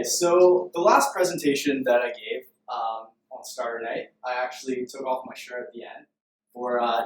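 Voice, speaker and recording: A young man from Canada giving a playful, self-deprecating story-driven pitch presentation to a room. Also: distant mic, a little hiss or hum. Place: room full of people. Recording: echoey room recorded from afar.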